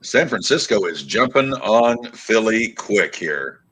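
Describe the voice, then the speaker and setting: A man co-hosting a sports podcast, relaxed, tossing in play-by-play updates between banter. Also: fairly low pitch, slow, a little hiss or hum, low-quality recording. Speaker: podcast co-host. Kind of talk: casual sports chat with play-by-play calls.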